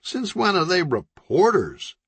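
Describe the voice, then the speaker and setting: A man's voice: high voice, wildly swooping pitch, unhurried, fairly bright tone, breathy edge, dry recording, voice pushed up, full character voice. A man voicing a smarmy, self-satisfied male celebrity businessman with a glib, oily way of talking.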